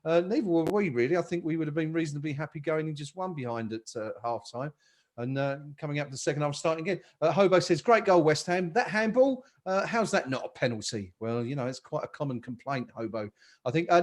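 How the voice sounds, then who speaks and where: A man hosting a live football chat stream, upbeat and reading out viewer comments. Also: fairly high pitch. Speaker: podcast host.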